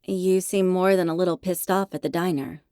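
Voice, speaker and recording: A woman's voice: on the low side, fairly even intonation, moderate pace, warm tone, clear, resonant tone, no echo, studio quality, natural voice. A woman voicing an exasperated young woman who argues with her boyfriend in a raised, indignant, pleading tone.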